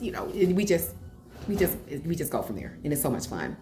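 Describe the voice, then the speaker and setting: A woman in her forties, a cooking vlogger chatting casually at home with rambling, animated asides. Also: sits low, fairly quick. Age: 40s. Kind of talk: casual cooking vlog chat. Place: home kitchen. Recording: echoey kitchen, faint room noise.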